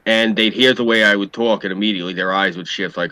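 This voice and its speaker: A man's voice: on the low side, fairly even intonation, quick pace, bright, forceful tone, dry recording. A man with a New York accent, casually telling rambling, profane stories as a podcast host. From New York City area. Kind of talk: casual storytelling chat.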